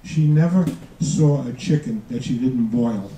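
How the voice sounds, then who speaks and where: Older man doing halting stand-up. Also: medium pitch, mellow. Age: 70s. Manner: dry self-deprecating jokes, halting delivery with restarts. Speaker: student comedian. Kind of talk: stand-up comedy routine. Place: performance room before a live audience. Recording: echoey room from far off, noisy. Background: audience laughter and room noise.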